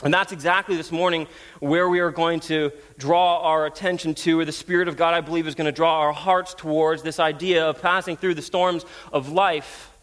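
A man's voice: on the high side, level tone, normal speed, fairly bright tone. Earnest man preaching a sermon. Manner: earnest, storytelling, frequent restarts. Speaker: guest preacher.

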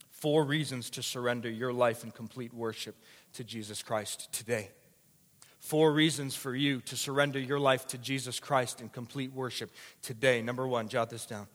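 A male preacher delivering a sermon, telling a dramatic story that swings between hushed and shouted passages. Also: mid-range voice, steady tone, normal speed. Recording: long reverb of a large hall.

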